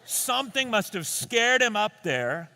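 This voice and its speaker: A male comedian tells a story on stage with a high, bright voice. His delivery is animated and full of quick restarts. The tone is sharp and lively. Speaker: stand-up comedian. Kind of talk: comic storytelling.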